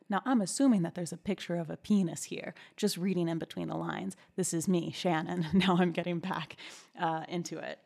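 A woman's voice: lowish voice, steady tone, a little fast, vocal fry, a little mellow. A woman hosting a podcast, giving candid, chatty commentary while she reads messages aloud. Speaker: podcast host.

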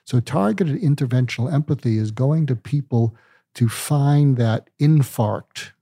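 An older male psychiatrist with a husky, mid-range voice appears as a guest in an interview, speaking calmly and deliberately. He explains ideas using medical analogies, in a dry, studio-quality recording.

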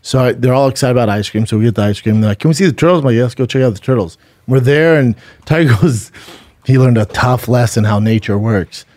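A man's voice: mid-range voice, a little fast, darkish tone, dry recording. A middle-aged man, podcast co-host, chatting casually and telling a rambling story, swearing freely. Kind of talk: casual chat and live ad reads.

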